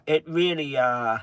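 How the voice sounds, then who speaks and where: A man chatting on a livestream in a halting, earnest way, with many pauses and restarts, openly upset. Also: a little high, bright, forceful tone, no room sound. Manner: halting, frequent ums and restarts. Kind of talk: casual livestream chat.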